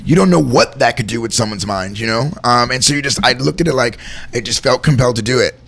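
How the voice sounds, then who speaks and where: Man, earnest storyteller, bright forceful tone, rambles with lots of "like" and "man". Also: medium pitch, fast talker, gravelly. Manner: earnest, rambling, heartfelt, says "man" and "like" a lot. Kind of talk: candid storytelling in conversation.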